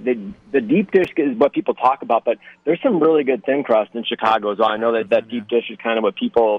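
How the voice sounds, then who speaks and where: A man's voice: on the low side, no echo. A man as a guest sports reporter on a radio show, talking hesitantly and repeating his words. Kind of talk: remote radio interview. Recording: dry, dull remote line.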